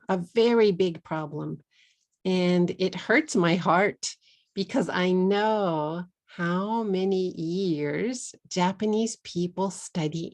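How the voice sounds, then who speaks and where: A middle-aged Texan woman with a Texan accent and a lowish, darkish voice teaches an English pronunciation lesson. She speaks slowly and deliberately, repeating words for learners.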